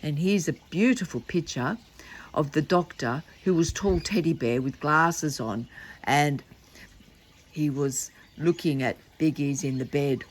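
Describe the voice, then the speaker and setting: A woman's voice: sits low, a little slow. An older woman reading a children's book aloud, chatty and playful with asides to the listener. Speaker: storyteller.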